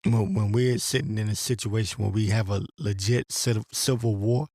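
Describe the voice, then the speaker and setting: A man's voice: on the low side, fairly even intonation, normal speed, darkish tone, no echo. A man giving a profane, rambling religious rant and reading scripture aloud. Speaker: religious commentator. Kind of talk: ranting monologue with scripture reading.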